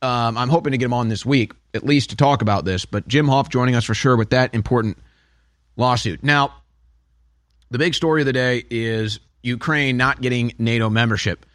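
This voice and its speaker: A man's voice: medium pitch, moderate pace, no echo. A man hosting a talk radio show, delivering a sarcastic, heated opinion monologue in a studio.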